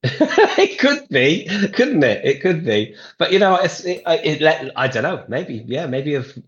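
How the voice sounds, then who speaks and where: A man's voice: a little high, a little slow, dull audio. A man from Britain, a guest guitarist, chatting casually on a podcast and telling stories with lots of restarts. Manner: rambling, lively storytelling with many restarts.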